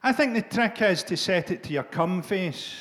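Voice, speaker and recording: A Scottish man performing a stand-up comedy set, profane and deadpan, jabbing at the crowd in a live venue. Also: high voice, normal speed, noisy background.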